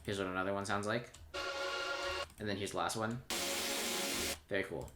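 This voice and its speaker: A music producer with a lowish, fairly even voice talks at normal speed through a casual screen-recorded tutorial on how he made his own song. He's offhand and self-deprecating, pointing things out as he goes, while his track plays loudly under his voice and a keyboard clacks in the background.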